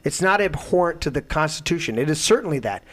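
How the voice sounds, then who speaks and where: A man hosting a talk show, delivering a heated, profane political rant that swings into loud outbursts. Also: a little high, expressive, fast. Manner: profane, emphatic, swings to shouting. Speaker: show host.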